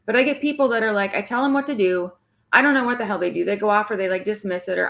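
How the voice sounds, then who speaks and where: A woman's voice: medium pitch, fast talker, vocal fry, fairly bright tone. A woman twin flame coach speaking bluntly and with exasperation to her viewers, swearing freely and mimicking clients.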